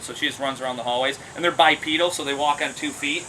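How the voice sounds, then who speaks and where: Telling lively stories from his work with exotic animals, this man, who also owns the business, laughs as he talks and mimics the people he quotes. His voice is fairly high and fast, with hardly any pauses, picked up by a distant mic over air-conditioning hum.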